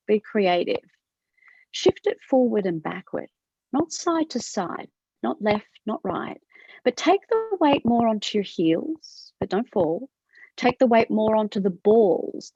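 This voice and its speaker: A woman with an Australian accent teaching a movement class over a video call, asking gentle questions with a rising lilt. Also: fairly high pitch, breathy edge, dry recording. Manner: gentle questioning, upward inflection. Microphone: video call from her computer. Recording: dull lo-fi video call audio.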